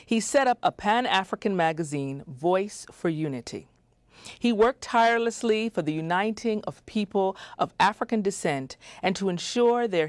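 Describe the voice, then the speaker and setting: Community TV host, female, low-pitched, very animated delivery, reads a script but breaks off excitedly. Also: dry recording. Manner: lively and excited, asides off script. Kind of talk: reading a scripted introduction on a community TV show.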